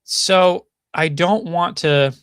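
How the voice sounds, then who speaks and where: A man's voice: high-pitched, slow, a bit bright, a little hiss or hum. Man thinking aloud in casual commentary. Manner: thinking aloud, frequent restarts and hedging. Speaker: podcast host.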